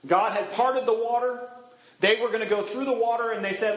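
Delivering an animated sermon at a moderate pace, a middle-aged male pastor speaks in a fairly high voice. He swings his pitch up and down to act out the people he quotes, and the sound echoes around the room.

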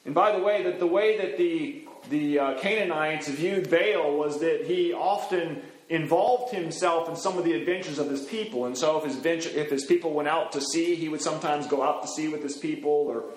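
A man's voice: a little high, normal speed. A man in the role of pastor giving a sermon, teaching from the Bible in a conversational way with frequent fillers. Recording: roomy echo.

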